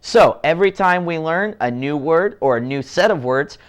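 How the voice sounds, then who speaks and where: A man teaching a children's language lesson, encouraging and deliberate, drawing out each model word for the kids to repeat. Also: fairly high pitch, expressive, clear, resonant tone. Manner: encouraging, slow and deliberate with drawn-out model words.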